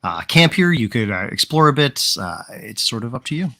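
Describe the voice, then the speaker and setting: A man runs a tabletop role-playing game, describing each scene loosely and piling on "sort of" and "kind of". His voice sits at a middling pitch. It is recorded dry and close on a podcast mic. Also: big pitch swings, moderate pace, creaky, pushed and bright, no room sound. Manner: rambling, hedging descriptions full of "sort of" and "kind of". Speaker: game master.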